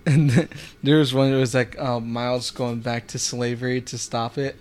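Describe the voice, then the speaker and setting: A young man chatting casually with friends, halting and full of fillers, laughing often. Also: medium pitch, level tone, a little mellow. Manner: halting, filler-heavy, giggly. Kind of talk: casual chat.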